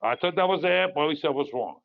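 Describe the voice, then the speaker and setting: A man's voice: on the high side, lively intonation, fast talker, creaky. Older man, from Iran, casual market talk, digressive, filler-heavy, muffled recording. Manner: rambling, digressive storytelling with frequent fillers. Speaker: market analyst host.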